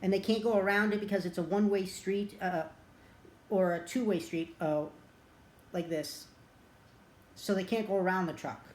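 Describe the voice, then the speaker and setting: A woman's voice: medium pitch, fairly even intonation, normal speed, long pauses, a little mellow, a little hiss or hum. A woman casually retelling a movie plot as a reviewer, rambling and chatty with plenty of filler words. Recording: roomy echo.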